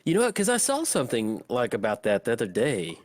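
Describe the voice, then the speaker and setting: A man hosting a casual card-game chat, telling rambling, excitable stories full of fillers. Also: mid-range voice, fairly quick, no echo. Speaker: host.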